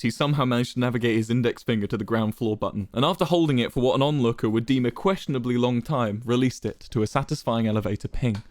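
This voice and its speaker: A man's voice: mid-range voice, a little mellow, no echo. Give me a man dramatically reading a story aloud with a dry, close sound. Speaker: streamer.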